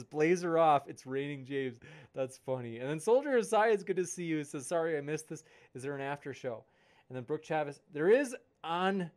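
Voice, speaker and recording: A young man with a somewhat high voice hosts a livestream in an upbeat, chatty way. He reads viewer comments aloud and hypes upcoming events with enthusiasm. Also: a little mellow. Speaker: livestream host and debate moderator. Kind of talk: casual live-chat reading.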